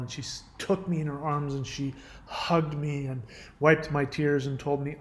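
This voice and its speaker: A man, a caller, telling an emotional personal story in a halting, earnest way with many restarts. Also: medium pitch, level tone.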